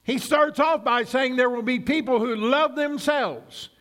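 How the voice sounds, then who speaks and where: A man preaching a sermon as pastor, praying and then reading Scripture with slow, deliberate emphasis. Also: very high voice, fairly bright tone. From United States.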